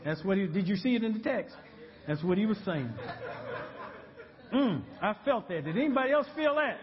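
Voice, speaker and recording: A male pastor preaching a sermon, animated and humorous, building to shouts. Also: high voice, moderate pace, big-room sound, muffled recording, a crowd in the background.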